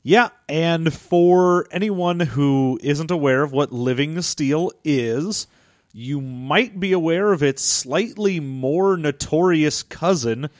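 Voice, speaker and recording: A man's voice: a little high, slow pace, no echo. A man co-hosting a comedy podcast, trading dry, teasing quips in casual banter. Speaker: podcast co-host.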